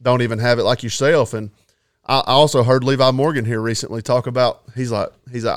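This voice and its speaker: A man co-hosting a casual podcast interview, talking rapidly as he recounts what he heard. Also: mid-range voice, steady tone, dry recording, clean studio sound.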